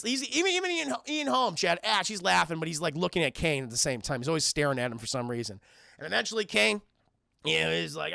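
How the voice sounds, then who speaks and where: Gravelly, bright-voiced excitable man. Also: sits high, dry recording, clean studio sound. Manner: excitable, profane, addresses chat; acts out characters' lines. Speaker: streamer film reviewer. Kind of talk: live-stream film commentary.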